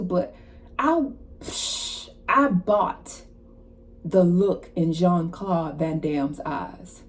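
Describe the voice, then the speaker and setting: Slow, mellow-voiced woman reader. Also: mid-range voice. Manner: animated retelling with slang and asides. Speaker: spiritual card reader. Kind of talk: casual channeled-message reading.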